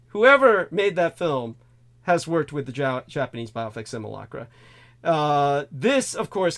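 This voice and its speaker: A man hosting a casual talk show, rambling through a film discussion with many fillers and restarts. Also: mid-range voice. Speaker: host.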